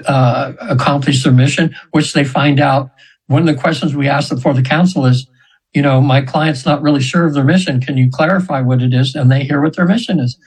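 A man in his seventies, a hypnosis practitioner, telling stories in a chatty, rambling way with laughs and quick high voices for the people he quotes. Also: a little mellow, breathy edge, low-quality recording. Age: 70s. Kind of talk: storytelling in an interview.

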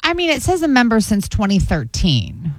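A woman co-hosting a radio show, matter-of-fact and quick to correct. Her voice is lively and moves a lot in pitch. The studio sound is dry and close. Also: dry recording. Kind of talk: casual on-air banter.

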